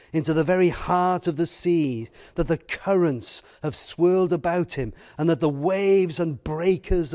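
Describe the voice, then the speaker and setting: A man preaching a sermon in an earnest, emphatic way, with many pauses and fillers. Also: on the high side, darkish tone.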